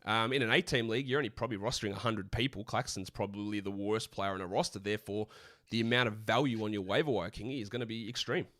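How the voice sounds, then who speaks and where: An Australian man co-hosting a live stream, answering viewer questions in a blunt, opinionated, rapid-fire way. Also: fairly low pitch, fairly bright tone, no room sound, clean studio sound. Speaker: podcast co-host.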